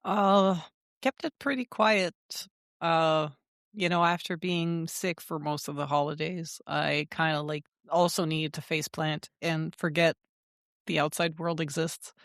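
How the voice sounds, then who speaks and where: Podcast co-host, woman, low-ish voice, blunt and profane, animated storyteller, dry close sound. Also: measured pace, no room sound. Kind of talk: casual chat.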